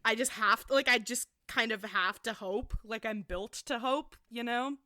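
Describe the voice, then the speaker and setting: A woman's voice: on the high side, normal speed, bright, forceful tone, no echo. A young woman co-hosting a casual book podcast, talking emotionally with lots of "like", close on a popping mic, tearful. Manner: emotional, filler-heavy with frequent "like". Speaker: podcast co-host. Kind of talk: casual book discussion chat. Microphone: close studio mic with pops.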